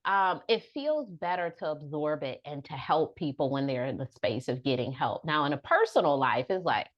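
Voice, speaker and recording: A woman's voice: deep voice, expressive, normal speed, highs cut off. A woman therapist and author guesting on a podcast, speaking directly and animatedly, often acting out exchanges with her clients. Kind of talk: casual podcast interview.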